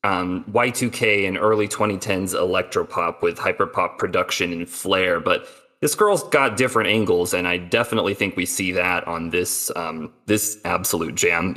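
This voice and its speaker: A man co-hosting a podcast, introducing songs in a relaxed, hesitant way with many ums. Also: low-pitched, moderate pace. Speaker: podcast co-host. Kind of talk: casual music chat.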